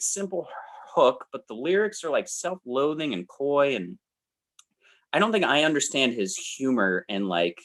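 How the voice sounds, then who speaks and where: A man talks through an album review on a podcast, his pitch leaping around with lively swings. He rambles, trails off and starts over. It sounds like easygoing chat between friends. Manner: animated, rambling, trails off and restarts. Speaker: podcast co-host. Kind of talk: casual music review chat.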